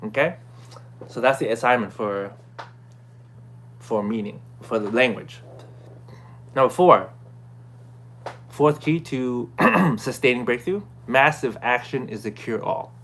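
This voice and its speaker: A man talks straight to his viewers in a relaxed, unscripted way as he sums up a self-help course. He keeps checking in with "right?" and "okay?" and clears his throat now and then. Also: medium pitch, slow pace, pauses often, a little hiss or hum. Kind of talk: casual talking-to-camera recap.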